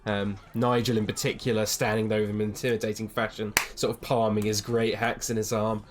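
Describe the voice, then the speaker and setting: A young man running a tabletop game as dungeon master, narrating with frequent hesitant pauses. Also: lowish voice. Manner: hesitant, many ums, relaxed.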